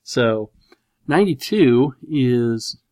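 A man in a casual chat who rambles through his thoughts, leaning on "like" and "you know". He reads out listener questions and answers them with a dry, sarcastic edge. His voice sits at an ordinary middle pitch. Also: expressive, drawn-out words, mellow. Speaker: podcast host reading listener questions.

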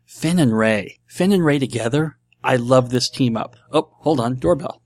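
A man's voice: mid-range voice, expressive, normal speed, a little mellow, no echo. A man from Nebraska hosting a casual solo podcast, enthusiastic and rambling, often repeating himself. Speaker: podcast host.

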